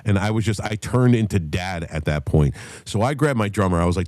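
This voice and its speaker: A man in a casual podcast chat, spinning a profane, animated story. His voice sits fairly low and sounds dry and close to the mic. When he quotes other people, he throws his voice into a loud, high shout. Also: brisk, no echo. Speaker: podcast host.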